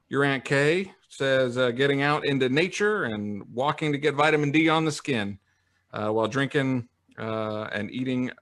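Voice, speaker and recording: A man co-hosting a casual podcast happy hour, reading out viewer comments in a relaxed, halting way with plenty of fillers. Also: mid-range voice. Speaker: podcast co-host. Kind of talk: casual live-stream chat.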